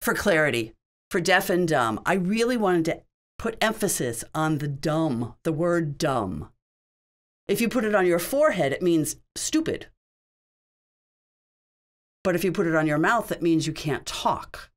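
Woman interpreter with a lively, low voice. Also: normal speed. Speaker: sign language interpreter. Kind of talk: voicing a signed question-and-answer session.

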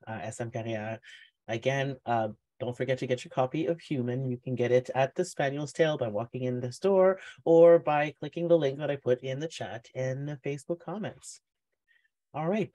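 A man's voice: mid-range voice, dark tone. A man hosting an online book launch, chatty and rambling with frequent ums and hesitations. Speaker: event host.

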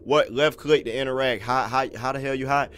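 A man's voice: mid-range voice, steady tone, brisk, a bit bright, a little hiss or hum. A young man casually commentating a game he is playing, laid-back and full of slang and swearing. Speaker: gaming YouTuber. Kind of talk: casual let's-play commentary.

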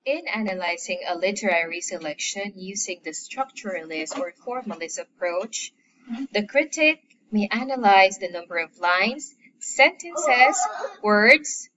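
A woman's voice: medium pitch, lively intonation, takes it slowly, lo-fi sound, noisy background. A woman teacher from the Philippines giving an online literature lesson, patiently explaining and listing terms one by one.

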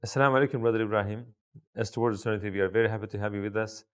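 Fast-talking formal male interviewer. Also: fairly low pitch, steady tone, clear, resonant tone. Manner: formal, polite. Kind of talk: interview questions.

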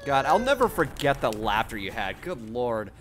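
A man hosting a casual group chat while playing a game, animated and laughing often. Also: mid-range voice, moderate pace, slight background noise.

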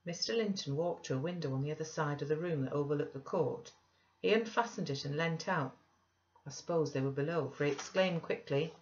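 A woman narrating a classic novel in a measured, even manner. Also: deep voice. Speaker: audiobook reader. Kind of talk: classic novel read aloud. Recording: dull lo-fi recording.

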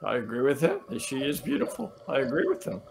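A man's voice: medium pitch, wildly swooping pitch, vocal fry, darkish tone, a little hiss or hum. A man playing a dopey, telepathic sea-hero persona in a cracking voice, earnest and silly as a co-host. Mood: goofy. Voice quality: cracking, like a voice that is breaking. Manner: earnest, dreamy and deliberately silly. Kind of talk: goofy comic persona in a reaction video.

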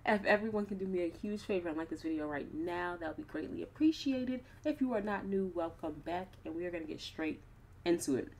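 A woman's voice: lowish voice, brisk, a little mellow. A young woman casually commenting on her life-sim gameplay with playful, slangy asides. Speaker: gaming YouTuber.

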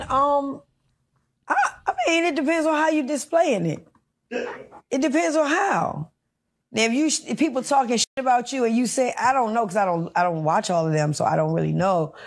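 A woman's voice: fairly high pitch, moderate pace. A woman chatting casually, rambling through her opinions. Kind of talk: casual chat.

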